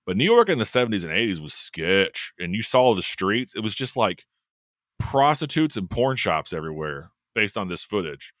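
A man co-hosting a casual chat, talking in a joking, wry way with quick asides. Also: lowish voice, sing-song, fairly bright tone, no room sound, clean studio sound. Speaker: podcast co-host.

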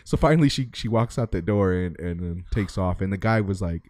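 Young male podcast co-host, casual and profane, animated raconteur who acts out the quotes, dry close-mic sound. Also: low voice, fairly quick, dry recording. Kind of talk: casual storytelling chat.

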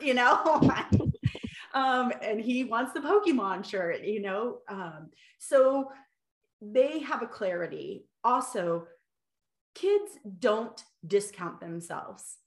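A middle-aged woman speaking as a guest in an interview, animated and lively as she tells stories. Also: medium pitch, slow pace. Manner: animated, acts out quotes. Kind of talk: podcast interview conversation. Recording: roomy echo.

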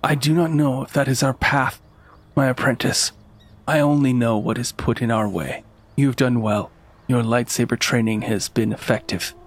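A man voicing a calm, formal male alien master who speaks in measured phrases. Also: mid-range voice, lightly acted.

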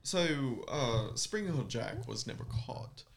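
A man casually telling a history story on a podcast, slow and halting with lots of fillers. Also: medium pitch, sing-song, creaky, background noise. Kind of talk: casual chat.

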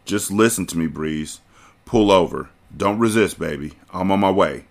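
A man's voice: low-pitched, moderate pace, creaky. Man playing an arrogant kingpin. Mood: commanding. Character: cool, arrogant male drug kingpin.

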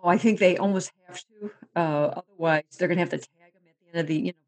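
A woman sports reporter with a lowish voice talks fast, chatting casually and telling animated stories. She laughs often and repeats words as she goes.

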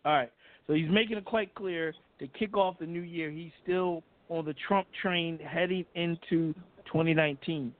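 A man with a somewhat high voice, heard over a narrow, phone-like line. He hosts an entertainment radio show, reading celebrity news bluntly and stumbling over his words now and then. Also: steady tone, normal speed. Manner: blunt, reads news items with frequent restarts. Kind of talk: casual entertainment news chat.

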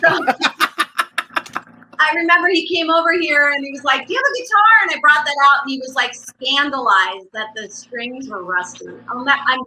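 A woman, an actress guest, recalling her career in a halting, warm way and laughing at herself. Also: high voice, noisy background. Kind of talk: casual interview reminiscing.

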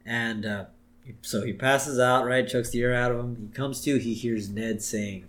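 A man co-hosting a podcast, casually retelling cartoon scenes and jumping into high voices for quoted lines. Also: fairly even intonation, moderate pace, fairly bright tone. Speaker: podcast co-host recapping an episode. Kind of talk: casual chat.

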